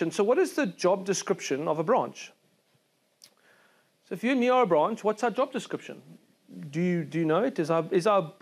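Man, South African accent, pastor, sermon, high-pitched, earnest, conversational, stumbling restarts. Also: a little mellow. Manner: earnest, conversational preaching with frequent restarts and repeated words. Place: church service.

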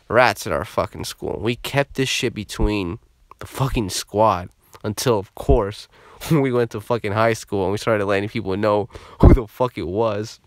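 A young man telling a story in a casual vlog, animated and heavy on swearing. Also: on the low side, no echo, clean studio sound.

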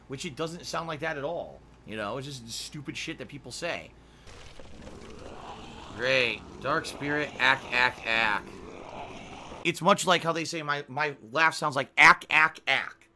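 A man streaming live gameplay, ranting defensively with swearing and bursting into loud laughs between his commentary. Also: on the high side, a little hiss or hum. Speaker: video game streamer.

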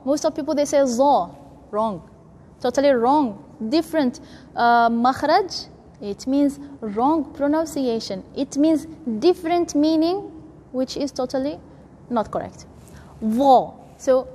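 Woman tajweed teacher, slow patient drills, high voice. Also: darkish tone, big-room sound. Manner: patient, demonstrates sounds by repeating them. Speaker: Quran recitation teacher. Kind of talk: tajweed pronunciation lesson.

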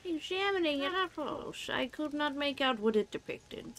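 A forgetful, sassy old woman sage, as a woman puts her on for a playful video game dub. The voice is kept soft and restrained, sitting high and swooping around a lot. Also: lively intonation, normal speed. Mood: doddering. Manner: quiet, restrained grandma voice. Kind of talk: fan voice-over of game dialogue.

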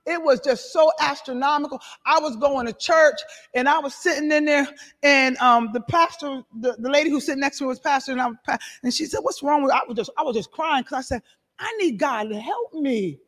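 Woman pastor preaching loud n lively, really high voice, church hall reverb all over it. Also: fairly quick. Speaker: apostle and pastor. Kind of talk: sermon with personal testimony. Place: church sanctuary.

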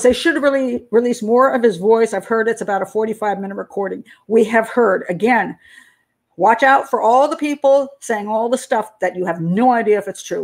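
An older American woman, a criminal profiler and channel host, chatting casually on a live stream, laughing often and answering viewer comments. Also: a little high. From United States.

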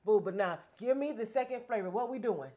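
A woman's voice: mid-range voice, brisk, mellow. A woman hosting a talk show, chatting playfully and affectionately with a guest in casual slang.

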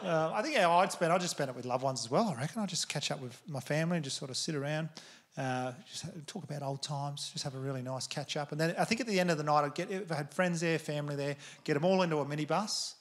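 A man's voice: fairly high pitch, fast. A man with an Australian accent doing a stand-up comedy set, laid-back and laughing through his lines.

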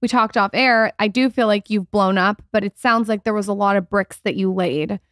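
A woman hosting a podcast, talking enthusiastically and warmly praising her guest. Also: medium pitch, normal speed, no room sound, clean studio sound. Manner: enthusiastic, complimentary, "I feel like". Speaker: podcast host. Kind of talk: casual podcast chat.

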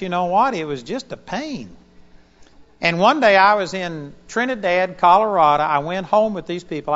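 A man with a high voice delivers a lively sermon, telling a personal story and chuckling as he goes. The recording is dull and lo-fi, and a long hall reverb trails his words. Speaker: preacher.

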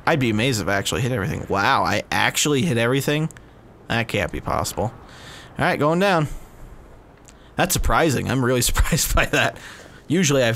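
A man's voice: medium pitch, creaky, a bit bright, slight background noise. A man hosting a let's play, giving casual gameplay commentary with laid-back, profane, giggly asides.

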